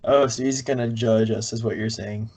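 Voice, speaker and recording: A man's voice: fairly low pitch, steady tone, moderate pace, a little mellow. A young man from Texas, co-hosting a casual podcast chat with wry, joking asides. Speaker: podcast co-host.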